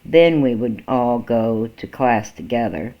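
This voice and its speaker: A male amateur reader narrates a first-person story in a slow, halting way and sometimes restarts a phrase. His pitch sits mid-range, and the recording is dull and lo-fi. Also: expressive.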